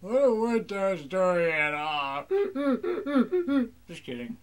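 A man's voice: sits high, big pitch swings, takes it slowly. A young man rambling crudely through casual gameplay commentary, joking in a mock pirate voice. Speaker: gamer.

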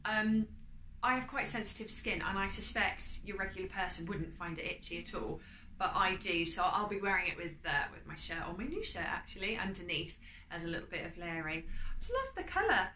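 A woman chatting casually as she shows off her charity shop clothes haul, upbeat and often trailing off quietly. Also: fairly low pitch, a little fast, slight background noise. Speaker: vlogger. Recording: echoey room with faint ambience.

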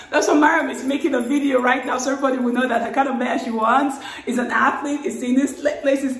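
A woman talking casually to camera, playful and animated. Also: quick pace, echoey room, distant mic. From Africa. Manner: playful and animated, with laughs and sudden high exclamations. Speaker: vlogger.

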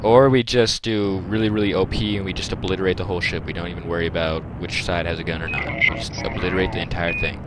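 A man's voice: deep voice, little pitch movement, quick pace, hardly any pauses, heavy background noise. A young man giving casual let's-play commentary, pleading with enemies and yelping in frustration. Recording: loud game music behind.

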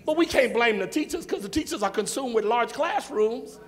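A man's voice: very high voice, lively intonation, fairly quick. A male pastor, preaching a sermon in a church with rhythmic, repetitive phrasing and call and response.

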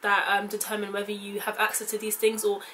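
A woman's voice: medium pitch, completely flat delivery, fast talker, pushed and bright, a little hiss or hum. Chatty young British woman vlogging. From United Kingdom. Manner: chatty, rambling, heavy use of "like". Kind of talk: casual commentary to camera.

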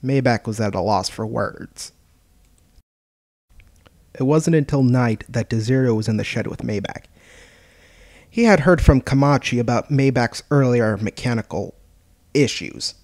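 A man's voice: medium pitch, a little slow, long pauses, a little mellow, no room sound. Man reading a fan storybook aloud. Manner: plain reading with occasional stumbles. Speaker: narrator. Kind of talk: hobby storybook narration.

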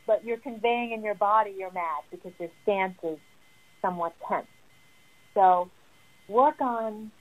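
A woman therapist explaining parenting advice in an earnest, emphatic teaching tone. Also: medium pitch. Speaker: family therapist. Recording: tinny phone-like sound.

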